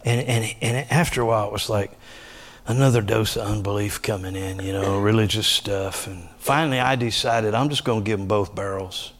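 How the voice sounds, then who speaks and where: Middle-aged man preaching with animated emphasis. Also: brisk. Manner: animated preaching with emphatic high pitched bursts and quieter asides. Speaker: pastor. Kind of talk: sermon.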